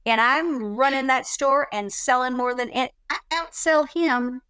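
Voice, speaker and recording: Animated woman telling a workplace story. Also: high voice, measured pace, clean tone, no room sound. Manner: animated, acts out quoted dialogue. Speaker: guest. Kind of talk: casual storytelling chat.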